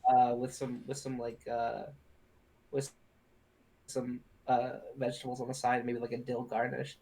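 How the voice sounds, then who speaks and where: A man's voice: medium pitch, monotone, unhurried, dark tone. A man playing a character in a tabletop game, hesitant, often repeating and restarting his words. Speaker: player. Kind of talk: in-character tabletop role-play.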